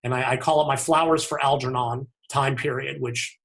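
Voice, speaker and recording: A man's voice: mid-range voice, fairly even intonation, normal speed, vocal fry, a bit bright. A man guesting on a podcast, talking frankly and reflectively in loose conversational sentences that often restart. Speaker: podcast guest, fitness author. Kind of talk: candid conversational interview.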